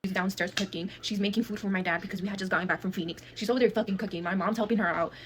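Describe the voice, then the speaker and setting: A woman tells a personal story at a rapid clip. She is blunt and dramatic, and she curses constantly. Faint background noise sits under her voice. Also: mid-range voice, steady tone. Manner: heavy cursing, blunt and dramatic retelling. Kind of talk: casual storytime monologue.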